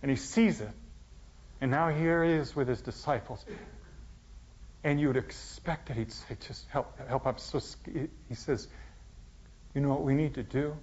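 Male pastor, sermon delivery, dramatic loud-to-whisper swings, muffled lo-fi sound. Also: medium pitch, moderate pace, pauses often. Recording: dull, lo-fi sound.

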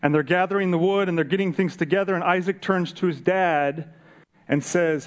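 Conversational pastor with a fairly high voice. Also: male voice, steady tone, fairly quick, darkish tone. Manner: conversational, asks the room rhetorical questions. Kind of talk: sermon. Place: church service.

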